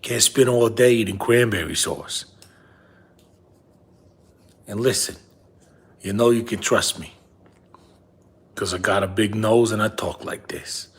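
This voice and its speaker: A man's voice: on the low side, measured pace, pauses often, husky. A comedian playing a nagging middle-aged father who drives a bus, scolding his son over and over. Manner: scolding, repetitive, drops to hushed whispers. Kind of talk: comedy character monologue.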